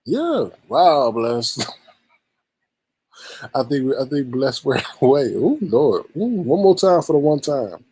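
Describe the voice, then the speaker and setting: Male stream host, husky voice, teasing and animated, dry close sound. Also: medium pitch, slow, no room sound, poor audio. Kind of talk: live-stream gossip commentary.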